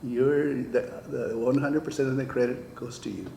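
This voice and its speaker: Older man, retired teacher type, gravelly mellow voice, storyteller who plays out quoted lines, echoey room. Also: mid-range voice, steady tone, moderate pace, a little hiss or hum. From California. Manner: storytelling, acts out quoted dialogue. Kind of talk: oral history interview.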